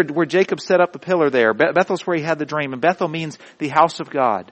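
A male pastor delivers a sermon in a voice sitting a bit higher than most men's. He drives his points home with repeated, emphatic declarations. His delivery swings between hushed passages and loud, building climaxes. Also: animated, brisk, hardly any pauses, rough recording.

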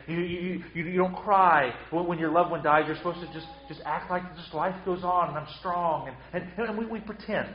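A man's voice: on the high side, roomy sound, muffled recording. A man preaching a sermon with emphatic delivery, often repeating words as he restarts. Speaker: pastor.

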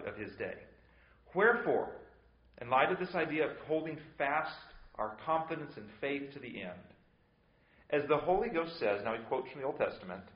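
A man preaching in a roomy, echoing sanctuary, his voice sitting at an ordinary middle pitch. He presses his points with repeated rhetorical questions, and the recording sounds muffled and lo-fi. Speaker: pastor. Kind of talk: expository sermon. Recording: echoey hall, dull lo-fi sound.

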